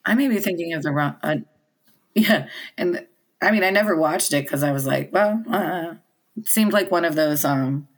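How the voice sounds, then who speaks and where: A woman's voice: fairly low pitch, normal speed. A woman co-hosting a podcast who rambles and hesitates, searching for her words in casual chat. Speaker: podcast co-host.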